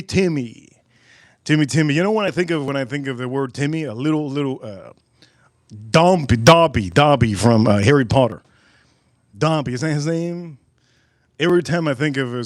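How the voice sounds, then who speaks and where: A man hosting a casual live stream, joking and chatting directly to viewers in the chat. His voice sits slightly high, and the recording is close and dry. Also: no echo.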